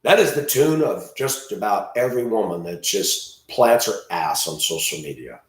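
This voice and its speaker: A man ranting crudely in a monologue, breaking into loud outbursts and mocking voices. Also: on the low side, expressive, normal speed, echoey room. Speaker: host.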